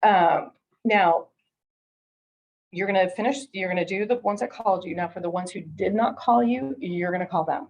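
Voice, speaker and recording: A woman's voice: lowish voice, normal speed, darkish tone, muffled recording. A middle-aged woman giving a conversational real estate training, chatty, full of restarts, acting out what callers say. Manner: chatty, repeats and restarts, acts out quoted callers.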